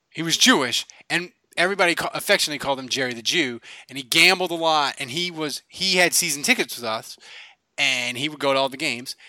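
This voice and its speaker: A man's voice: on the high side, sharp tone, dry recording. A middle-aged man from Louisiana telling rambling sports stories in casual chat, full of fillers and restarts. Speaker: podcast co-host.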